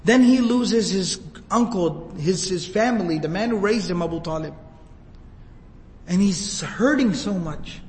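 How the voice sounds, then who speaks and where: A man's voice: sits high, in a large hall, rough recording. A man giving a sermon, telling the story emotively and acting out quoted lines. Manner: emotive, retells scenes with quoted voices. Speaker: preacher.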